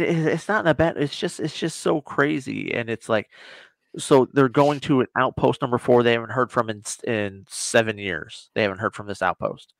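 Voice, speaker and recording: A man, a guest on a casual reaction chat, rambling as he retells scenes and drops into quick quoted voices. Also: mid-range voice, gravelly, dry recording.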